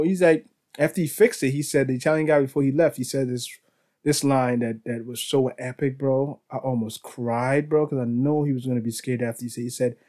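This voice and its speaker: A man's voice: medium pitch, steady tone, fairly quick, mellow. A man hosting a podcast, telling casual stories in a rambling way with restarts, laughter and "bro". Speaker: podcast host. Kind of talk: casual storytelling.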